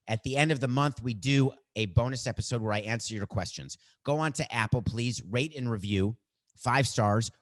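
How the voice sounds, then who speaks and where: A middle-aged man hosting a podcast, musing aloud in a reflective monologue. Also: medium pitch. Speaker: podcast host.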